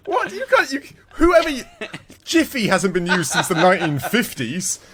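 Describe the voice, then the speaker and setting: With a high, slightly rough voice at normal speed, a podcast co-host chats casually about retro games. He's an animated storyteller who laughs a lot along the way.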